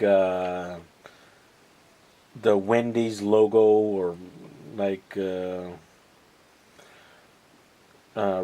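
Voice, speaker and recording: A man recapping TV episodes in a casual, rambling way, sarcastic and mocking, halting over many fillers. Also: fairly low pitch, darkish tone. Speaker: podcast host recapping TV episodes.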